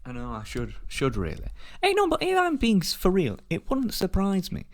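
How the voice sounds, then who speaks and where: A man hosting a podcast, talking in an animated, profane way full of restarts. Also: high-pitched, moderate pace, no room sound. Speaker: podcast host. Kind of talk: casual opinionated chat.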